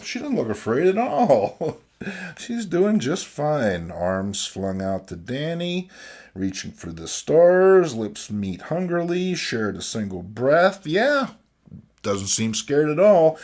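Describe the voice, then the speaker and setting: A man hosting a casual, jokey review of old comics, full of sardonic asides and "you know what I mean.". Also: mid-range voice. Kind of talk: casual comedic commentary.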